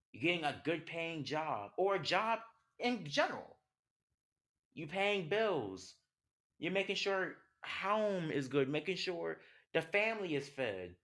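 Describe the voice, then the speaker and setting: A young man with a fairly high, somewhat bright voice hosts a podcast. His personal monologue is heartfelt and chatty, full of questions he doesn't expect answered.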